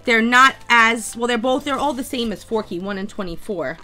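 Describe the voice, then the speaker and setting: Bright, high-voiced chatty woman host. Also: normal speed, faint music behind. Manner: chatty and excitable, talks to viewers. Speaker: toy unboxing channel host. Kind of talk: casual unboxing chat.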